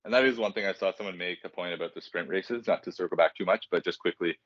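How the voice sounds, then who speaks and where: A man's voice: deep voice, fast, fairly bright tone, dry recording. A man co-hosting a podcast, chatting casually and rambling with many fillers and self-deprecating asides. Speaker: podcast co-host. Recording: dry, dull lo-fi sound.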